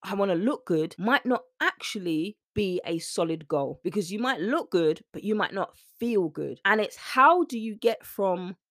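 A woman hosts a solo coaching podcast. Her voice sits in a middle register, and she talks in an animated way, slipping into short acted-out scenes. The sound is dry and close, with no room around it. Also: mid-range voice, moderate pace, hardly any pauses, dry recording. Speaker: weight-loss coach and podcast host.

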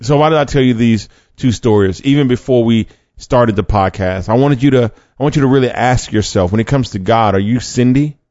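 A man's voice: mid-range voice, brisk, few pauses, a little mellow, no echo, dull audio. A man hosting a faith podcast, talking conversationally with fillers, restarts and rhetorical questions. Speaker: podcast host.

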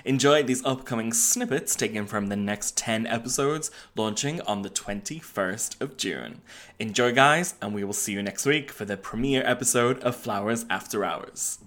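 A man's voice: medium pitch, moderate pace, fairly bright tone. A man co-hosting a podcast in casual chat, giggly, playful and self-mocking. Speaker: podcast co-host.

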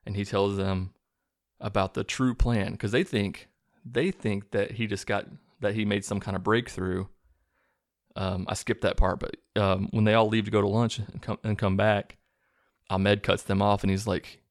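With a flat, slightly mellow delivery, a man with a low, gravelly voice sarcastically walks through a movie's plot in a loose recap, slipping into quick character impressions. There is no room sound; the audio is dry and close.

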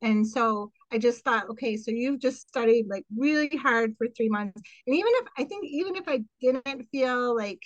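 A middle-aged woman in a casual podcast interview speaks high and fast-running. She tells her story with lots of fillers and acts out quotes. The sound is close and dry with no room. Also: animated, no echo, muffled recording. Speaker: guest, occupational therapist.

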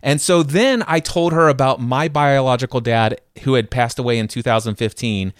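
A man hosting a podcast, telling a personal story in an animated, conversational way and acting out quoted voices. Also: medium pitch, normal speed, dry recording, clean studio sound. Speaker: podcast host.

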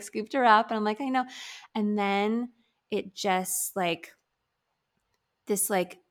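A woman's voice: medium pitch, vocal fry. A woman in her thirties talking candidly about grief in a casual conversation, with many fillers.

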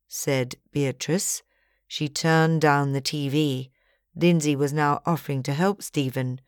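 A woman giving a measured, even scripted narration of an audiobook. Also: low-pitched, no echo, studio quality.

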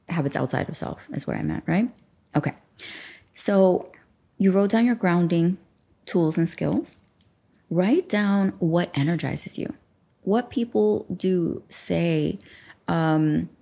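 A woman with a deep, dark voice and some vocal fry hosts a self-help podcast, speaking casually into a studio mic. As a life coach, she walks listeners through journaling in a chatty, affirming way, acting out her own thoughts as she goes.

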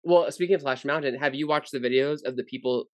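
A man's voice: medium pitch, quick pace, dry recording. A man co-hosting a casual podcast, rambling through stories with lots of fillers. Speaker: podcast co-host.

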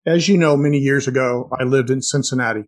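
A man co-hosting a sales podcast, talking in an animated way and telling stories with frequent restarts. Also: mid-range voice, fast talker. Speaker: podcast co-host. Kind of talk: casual sales chat.

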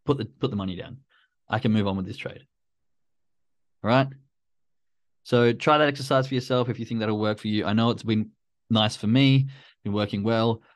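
A man's voice: lowish voice, moderate pace, long pauses. Man coaching traders, talking through his inner dialogue. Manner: acts out his own inner dialogue in a loose, conversational way. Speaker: trading coach. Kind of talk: casual coaching talk.

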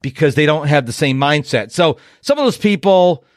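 A man's voice: a little high, animated, normal speed, no echo, studio quality. A man in his fifties hosting a motivational podcast, talking in an emphatic, punchy way and acting out other people's voices. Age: 50s. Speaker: productivity coach and podcast host.

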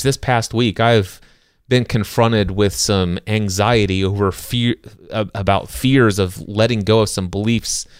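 A man's voice: on the low side, clean tone, dry recording. Earnest middle-aged man, dry close sound. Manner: earnest, conversational, frequent restarts and rhetorical questions. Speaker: podcast co-host reviewing a self-help book. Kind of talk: casual faith-based self-help discussion.

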